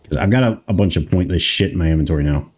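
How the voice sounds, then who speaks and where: In a low, slightly rough voice, an American man of about thirty races through loose game commentary on stream. He rambles, responds to chat and swears casually.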